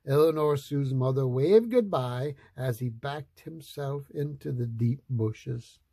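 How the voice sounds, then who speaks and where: A man reading a picture book aloud, slow, playful and expressive. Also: mid-range voice, vocal fry, dry recording. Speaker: storyteller.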